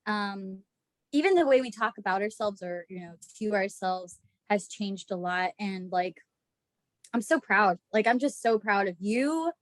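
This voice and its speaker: A woman's voice: mid-range voice, lively intonation, measured pace, no echo. A woman co-hosting a podcast in casual chat, telling stories, laughing often and acting out what she said back then. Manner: chatty storyteller, laughs often, acts out her own past lines. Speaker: podcast co-host.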